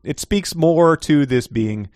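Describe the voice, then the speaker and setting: A man's voice: fairly high pitch, lively intonation, slow, a little mellow, no echo, studio quality. A man co-hosting a casual book podcast, rambling and laughing often as he talks. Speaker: podcast co-host. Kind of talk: casual book-club chat.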